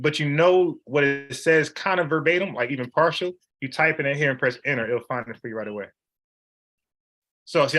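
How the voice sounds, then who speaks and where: A man's voice: mid-range voice, bright, forceful tone. A man leading an informal Bible study, talking in an emphatic, slangy, conversational way.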